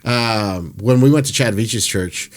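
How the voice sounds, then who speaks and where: Podcast host, young adult male, low register, animated casual storyteller. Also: measured pace. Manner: animated storyteller, laughs often. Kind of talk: casual chat.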